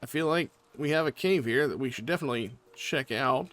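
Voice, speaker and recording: A let's play host gives casual, chatty gameplay commentary, thinking out loud as he goes. He speaks briskly in a medium-pitched, slightly bright voice, with faint game music in the background.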